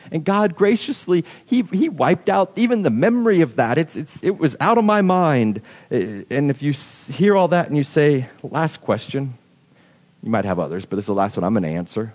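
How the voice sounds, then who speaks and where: A man's voice: mid-range voice, expressive, fairly quick, darkish tone, big-room sound. A man preaching a sermon in a conversational way, acting out the objections of his listeners. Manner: conversational, acts out imagined objections.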